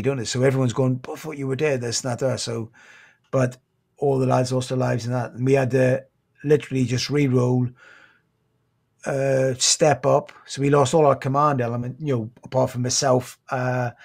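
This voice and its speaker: British ex-commando telling war stories haltingly. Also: male voice, medium pitch, gravelly, husky. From Britain. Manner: halting, restarts often, sombre recounting. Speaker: guest, former Royal Marine Commando. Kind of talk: podcast interview storytelling.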